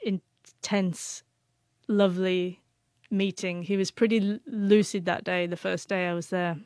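A woman's voice: lowish voice, level tone, measured pace, a little mellow, no room sound, studio quality. Woman guest with a stutter. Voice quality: stutters, repeats sounds. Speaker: author, guest. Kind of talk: emotional personal storytelling.

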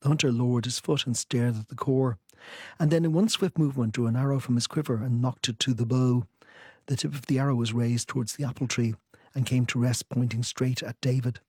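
A man with a mid-range, slightly husky voice answers interview questions in a thoughtful, measured way. He also reads a long passage from his own book. The recording is dry and close. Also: medium pitch, a little mellow, dry recording. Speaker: author.

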